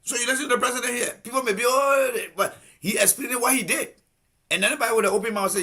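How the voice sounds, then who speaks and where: A man's voice: very high voice, fast, pushed and bright. A Liberian man hosting a live political commentary stream, combative and repeating pointed rhetorical questions. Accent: Liberian English.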